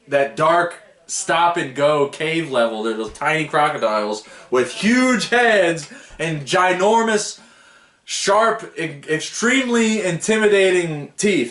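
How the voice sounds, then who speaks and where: A man's voice: a little high, expressive, unhurried, a bit bright, roomy sound. A man giving a casual, rambling book review, stumbling over foreign names and laughing at himself.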